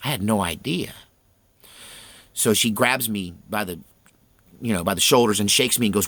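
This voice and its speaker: A man's voice: fairly low pitch, normal speed, long pauses, fairly bright tone, no echo. A man in his fifties telling a personal story in a folksy, earnest, conversational way.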